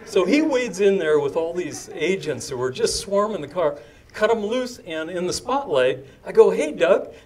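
A man's voice: high-pitched, big pitch swings, normal speed. Older man spinning a rambling live yarn. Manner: chatty and digressive, with restarts, asides to the crowd and chuckles. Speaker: storyteller at a live campfire story event. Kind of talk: live anecdotal storytelling to an audience. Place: indoor event before a live audience.

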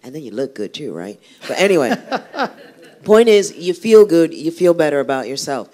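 A woman's voice: low voice, big pitch swings, normal speed, warm tone. A woman singer, a guest on an interview show, talking casually and telling a rambling story with many restarts. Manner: chatty, rambling storyteller who restarts often.

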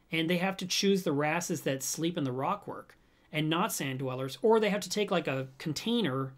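A man hosting a reef aquarium channel, chatting casually with viewers and telling stories in an animated way, with frequent restarts and chuckles. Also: fairly high pitch. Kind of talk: casual live chat answering viewer comments.

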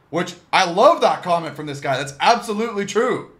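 A man giving casual, excitable reaction commentary on a sports anime, breaking into cheers at big plays. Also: high-pitched, a little fast, few pauses. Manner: excited outbursts cheering the play. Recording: music playing behind.

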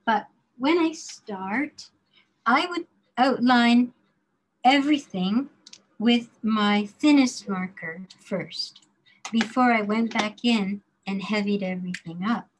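Woman teaching a drawing demo, kinda high voice, talks slow n careful, mutters to herself while drawing. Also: slight background noise, poor audio. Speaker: design drawing instructor. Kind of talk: classroom drawing demonstration.

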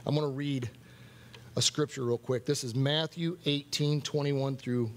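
A man's voice: mid-range voice, steady tone, measured pace. A man preaching at a worship night, earnest, repeating key phrases for emphasis. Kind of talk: sermon.

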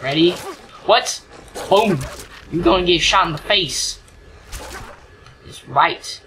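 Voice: medium pitch, slow, sharp tone, slight background noise, rough recording. A gamer giving casual, goofy commentary while playing, joking and humming nonsense tunes. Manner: goofy, sings nonsense and jokes at the game. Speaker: gameplay commentator. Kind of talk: casual let's-play commentary.

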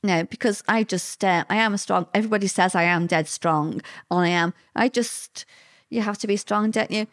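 Older woman, interview guest, halting, emotional, lots of ums, mid-pitched voice. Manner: halting, emotional, many fillers and restarts. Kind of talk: personal interview recollection.

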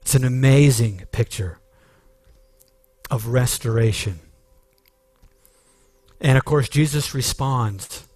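Male pastor preaching a sermon, slow and deliberate delivery, earnest emphasis, dry close sound. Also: mid-range voice, a little mellow, breathy edge, dry recording.

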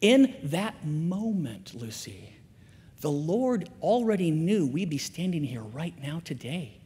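A man in his forties giving an animated chapel sermon to students, swinging between loud emphatic lines and hushed asides. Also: on the high side, slow, husky. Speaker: guest chapel speaker. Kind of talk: energetic chapel sermon with storytelling. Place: school chapel, large room. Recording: long hall reverb.

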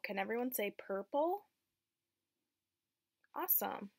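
Slow, gentle young woman teacher. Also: medium pitch, animated, gravelly, dry recording. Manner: slow, encouraging, call-and-response with children. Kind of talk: preschool phonics lesson.

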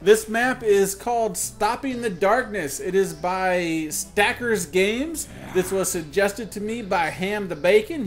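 A young man talks through a video game in a casual, joking commentary, often breaking into sudden loud yelps of alarm. His voice sits a little high, and faint background music plays underneath him. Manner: excitable and self-mocking, jumps to loud outbursts. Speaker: gaming channel host.

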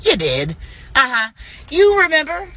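A woman hosts a livestream and rants heatedly at a rival, swearing at every turn. Her bright, forceful voice rises and falls in wide swings. She lurches from outright shouting to mocking asides. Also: high voice, wildly swooping pitch, unhurried. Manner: heated, scolding, profanity-laced. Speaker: livestream host. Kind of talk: profane livestream rant.

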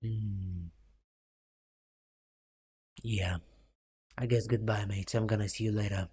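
A man's voice: on the low side, fairly even intonation, slow, mellow, breathy edge. Rambling young man with cracking voice. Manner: self-mocking, rambling, full of fillers. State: voice cracking late at night. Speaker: gaming YouTuber. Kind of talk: rambling gameplay commentary.

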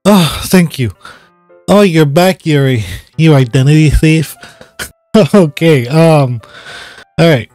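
A man's voice: fairly high pitch, slow, dark tone, smooth, no echo, faint music behind. A man giving casual let's-play commentary, swearing and laughing while he reads game dialogue aloud. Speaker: gaming channel host.

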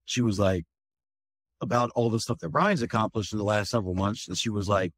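A firefighter, telling a candid, rambling personal story in an interview, full of fillers and swearing. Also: male voice, lowish voice, a little fast, slightly rough, dry recording.

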